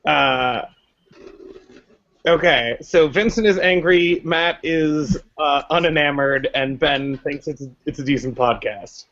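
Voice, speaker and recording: A man's voice: a little high, takes it slowly, a bit bright. A man hosting a podcast in a casual chat, playful as he moderates and sums up the others' views. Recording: dull lo-fi podcast audio.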